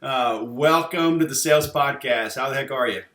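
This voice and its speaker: A man's voice: mid-range voice, moderate pace, a bit bright, reverberant. A man hosting a podcast interview, joking and teasing his guest in casual chat. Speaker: podcast host.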